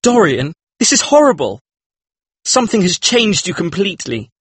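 A man's voice: high-pitched, fairly bright tone, slightly rough, no room sound, full character voice. An actor playing an earnest, troubled male painter in a dramatized audiobook, speaking in a pleading, sincere way. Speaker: painter character.

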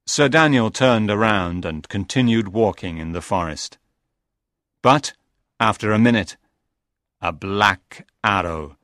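A man narrating a simple storybook slowly and deliberately. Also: fairly low pitch, a bit bright, no room sound, studio quality. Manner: slow and deliberate.

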